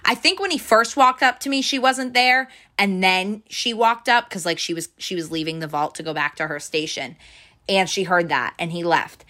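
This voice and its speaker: A young woman tells a workplace story in casual chat, acting out every person's lines and leaning on "like" as she goes. Her voice sits fairly low yet has a bright, tense edge. She keeps things animated and chatty throughout. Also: moderate pace. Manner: animated storyteller, fills with "like", acts out quotes. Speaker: bank teller telling a story.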